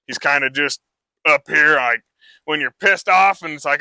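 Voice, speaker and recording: A man's voice: on the high side, moderate pace, sharp tone, no room sound. A man who trains horses, talking a live audience through a demonstration in a casual, rambling way full of fillers.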